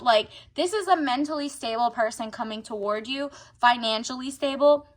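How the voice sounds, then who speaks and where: A woman's voice: on the high side, normal speed, few pauses. A woman giving a casual, slangy tarot reading to her viewers, often acting out their thoughts in quotes. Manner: chatty, slangy, acts out the viewer's inner voice. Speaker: tarot reader.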